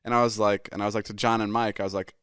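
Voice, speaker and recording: A man's voice: on the low side, little pitch movement, racing, fairly bright tone, clean tone, no room sound, clean studio sound. A man in his twenties hosting a podcast, telling a story casually with lots of swearing and fillers. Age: 20s. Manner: rambling, heavy swearing, many fillers. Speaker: podcast host.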